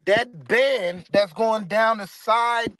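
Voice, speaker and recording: A man's voice: high voice, slow, fairly bright tone. A man leading a casual spiritual discussion and guided stretching, laid-back and slangy, swearing casually. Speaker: discussion leader.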